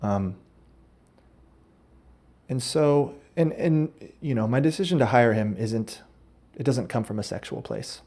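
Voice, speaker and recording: A male podcast host, warm-toned and medium-pitched, keeps a measured pace. His comic monologue is rambling and absurd, punctuated by frequent self-interruptions and corrections.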